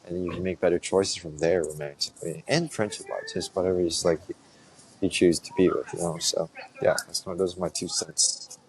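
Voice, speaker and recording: A young man with a deep, low voice talks through a loose, rambling solo podcast episode. He is laid-back and slangy, leaning hard on filler words, with a faint noise floor behind him. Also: fairly even intonation, fairly quick. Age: young adult. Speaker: podcast host. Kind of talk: casual rambling monologue.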